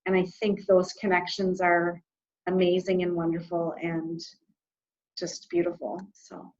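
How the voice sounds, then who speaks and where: A woman from Canada, an interview guest, telling a personal story in a heartfelt, reflective way, pausing and restarting as she goes. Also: lowish voice, flat delivery, darkish tone, lo-fi sound.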